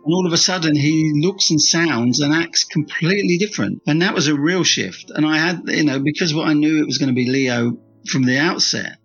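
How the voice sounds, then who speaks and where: In a candid interview, a male author and screenwriter tells stories enthusiastically, rambling with many restarts and "you know" fillers and repeating his words of praise. His fairly high voice is a bit bright and slightly rough, and the highs are cut off.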